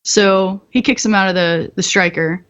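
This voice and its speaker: A woman at an ordinary middle pitch tells her stories frankly and with plenty of swearing, laughing between lines. The sound is slightly dull and lo-fi, as if the top end were cut off. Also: fairly even intonation, normal speed, a bit bright, clean tone. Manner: candid, profane, laughs often. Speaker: podcast guest, military veteran. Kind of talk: casual storytelling.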